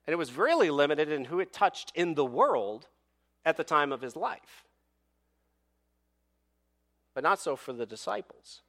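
A man preaching a sermon with dramatic pauses and rhetorical questions, reading scripture and telling a story to his congregation. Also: a little high, a bit bright. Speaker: pastor.

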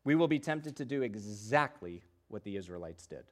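A man preaching a sermon who moves from hushed, low passages to loud, emphatic ones and voices the doubts of biblical figures. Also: animated, normal speed. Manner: acts out the voices of doubters in scripture. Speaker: pastor.

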